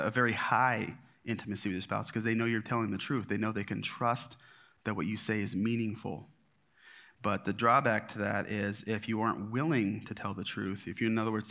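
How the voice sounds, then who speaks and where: A man's voice: fairly low pitch, fairly bright tone. A middle-aged man teaching a marriage class at church in a conversational, self-deprecating way, with many fillers and restarts. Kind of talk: casual teaching talk.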